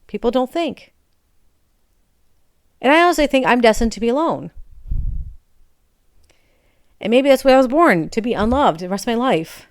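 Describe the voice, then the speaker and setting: A woman's voice: on the high side, lively intonation, moderate pace, pauses often, dry recording, studio quality. A woman hosting her own podcast, talking in a candid, frustrated, confessional way, emotionally raw. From Michigan, USA. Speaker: podcast host. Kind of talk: casual personal monologue.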